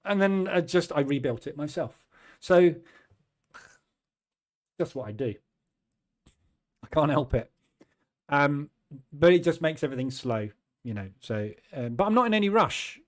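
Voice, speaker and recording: A man in his fifties hosting a trading channel, talking in a chatty, self-deprecating way and acting out his own quick asides. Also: medium pitch. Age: 50s. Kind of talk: casual chat.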